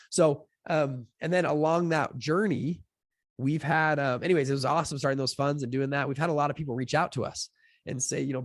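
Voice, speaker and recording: With a medium-pitched voice and a dry, close sound free of room tone, a young man who founded a fund chats as a podcast guest. He tells stories casually in the interview, using lots of fillers and acting out quoted lines with lively voices.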